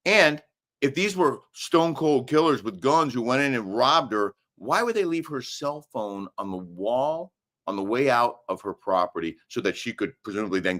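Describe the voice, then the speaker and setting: A middle-aged man at medium pitch and normal speed co-hosts a live daily show from a hotel room. He chats casually and reads viewer comments, arguing his points in animated, emphatic bursts.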